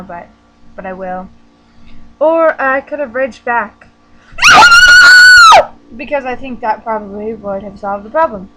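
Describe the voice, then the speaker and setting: Teenage girl, casual vlog storytelling, chatty, self-deprecating, higher voice. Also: low-quality recording. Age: teens. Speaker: vlogger.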